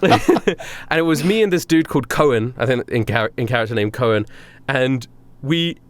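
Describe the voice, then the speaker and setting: Young man, podcast co-host, casual storytelling, very lively pitch, laughs often, mid voice. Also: normal speed, dry recording. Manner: animated, laughs often, filler-heavy. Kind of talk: casual anecdote telling.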